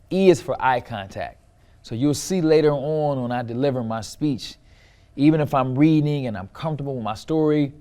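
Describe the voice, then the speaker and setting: A middle-aged man teaching how to write and perform a personal story, with expressive shifts in loudness and pitch and repetition for emphasis. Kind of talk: instructional talk to camera.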